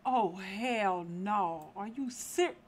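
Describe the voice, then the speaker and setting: Exasperated, this gameplay commentator scolds the characters of a life-simulation game in relaxed let's-play style. She speaks at medium pitch, drawing out her words over slight background noise.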